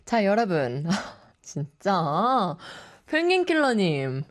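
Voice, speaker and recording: A woman hosting a bilingual radio show, bubbly and quick to laugh, switching back and forth between two languages. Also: mid-range voice, wildly swooping pitch, no room sound, clean studio sound. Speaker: radio host.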